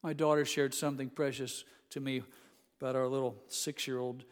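A man in his sixties preaching a sermon, rising to loud emphatic declarations and dropping to hushed, intimate storytelling. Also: medium pitch, level tone, normal speed, long reverb tail. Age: 60s. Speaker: pastor.

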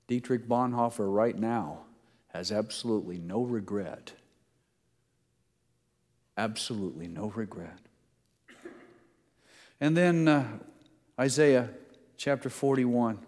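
A man's voice: mid-range voice, a little mellow. A middle-aged male pastor preaching a sermon in a conversational way, reading scripture aloud with emphasis. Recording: long reverb of a large hall.

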